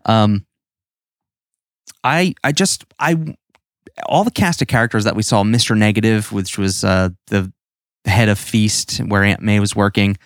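A man's voice: on the low side, a little slow, long pauses, dry recording, studio quality. A man co-hosting a podcast, chatting casually and rambling animatedly about a comic book. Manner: rambling, animated, restarts often. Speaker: podcast co-host.

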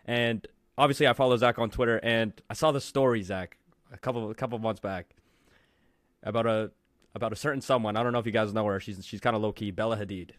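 A young man co-hosting a podcast, telling stories in an excitable, rambling way. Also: lowish voice, no room sound, clean studio sound. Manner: excitable, fast rambling storyteller. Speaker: podcast co-host. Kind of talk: casual chat.

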